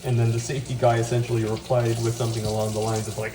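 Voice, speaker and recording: Cooking at the stove in his home kitchen, a vlogger vents about work in a casual monologue, rambling and profane, with many fillers, restarts and curses. His mid-range voice has little pitch movement and comes rapid-fire with few pauses. He sits some way from a phone mic, so the sound is distant, with running tap water and kitchen clatter clearly audible behind him.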